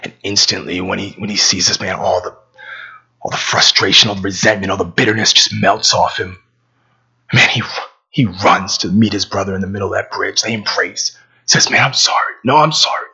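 A man's voice: low voice, level tone, moderate pace, gravelly, pushed and bright, slightly rough, highs cut off. A man preaching a sermon, telling a story conversationally with stammering repeats, then praying.

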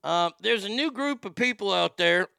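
A man giving crude, excitable casual commentary as he reacts to videos. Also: sits high, moderate pace, gravelly, smooth, dry recording, studio quality.

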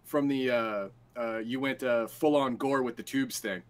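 A man co-hosting a casual comics show, talking in a halting way with many restarts. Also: medium pitch. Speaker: podcast co-host. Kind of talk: casual chat.

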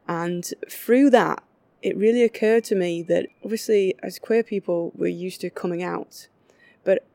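A woman's voice: mid-range voice, dark tone, no echo. Host: woman, thoughtful interviewer, close and dry. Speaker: podcast host. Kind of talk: interview conversation.

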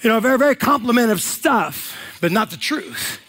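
A man's voice: extremely high pitch, big pitch swings, normal speed, gravelly, sharp tone. A man preaching a sermon as pastor, retelling scripture in casual slang with voiced asides.

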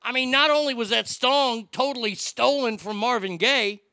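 A brash man rants through his talk segment, stumbling over restarts as he pushes his point. His voice sits high and gravelly with a sharp, bright edge. The sound is dry and close, with no room around it. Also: normal speed, dry recording. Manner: brash, ranting, stammering restarts. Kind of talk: opinionated talk commentary.

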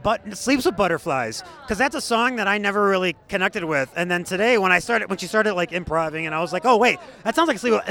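Man, guest, effusive, playful, animated, high pitched, bright tone. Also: fast talker, few pauses. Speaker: guest fan. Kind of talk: casual chat.

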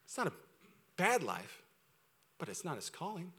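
A man preaching a sermon as pastor, energetic, swinging from loud urgent preaching to quiet, close asides. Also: sits high, normal speed, breathy edge.

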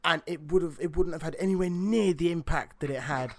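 A man's voice: on the high side, fairly quick. A man hosting and recording a casual podcast, joking and swearing in loose banter. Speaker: podcast host who records the show. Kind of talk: casual chat.

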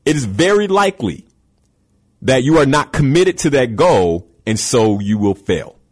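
Male host, husky, lively pitch swings, preachy motivational delivery. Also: measured pace. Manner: emphatic, repeats key words, rhetorical questions. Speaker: show host giving motivational talk. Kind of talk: motivational talk.

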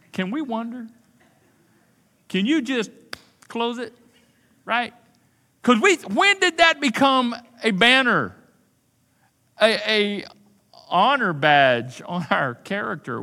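A man's voice: high voice, big pitch swings, measured pace, pauses often, bright, forceful tone. A man preaching a sermon as pastor, conversational and emphatic, repeating key phrases and acting out quoted asides. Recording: long hall reverb.

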